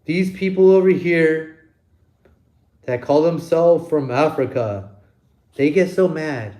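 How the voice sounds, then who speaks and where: A man's voice: fairly high pitch, takes it slowly, warm tone. A man hosting his own channel, delivering a blunt, profane opinion rant with plenty of emphasis. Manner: blunt, emphatic, heavy swearing. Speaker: channel host.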